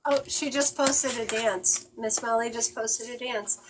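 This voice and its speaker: A woman medium giving a live-stream reading. She talks in halting, emotional bursts with many fillers and sighs. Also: on the high side, steady tone, slight background noise, low-quality recording.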